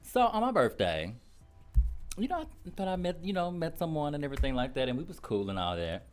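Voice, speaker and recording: A man's voice: a little high, fairly quick, soft background music. A man on a radio show telling a gossip story, laughing often and acting out what people said. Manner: expressive, laughs often, acts out dialogue.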